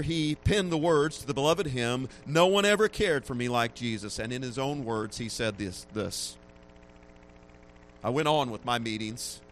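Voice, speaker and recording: A man's voice: mid-range voice, fairly bright tone, slight background noise. Man preaching, rising and dropping in volume. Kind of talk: sermon.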